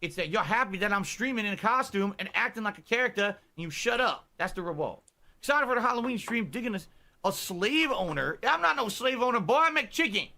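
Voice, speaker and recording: A man's voice: high-pitched, expressive, a little fast, creaky, pushed and bright, full character voice. A male streamer doing an old Southern colonel with a put-on Southern accent, drawling and brash while commenting on a game. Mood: rowdy folksy. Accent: put-on American Southern. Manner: drawling, rowdy, brash heckling. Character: folksy old Southern colonel, calls everyone boy.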